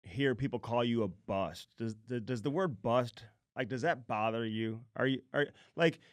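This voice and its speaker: A man's voice: medium pitch, normal speed, no echo. A man hosting a podcast, asking loose, rambling questions full of fillers. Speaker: podcast host. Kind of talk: casual interview.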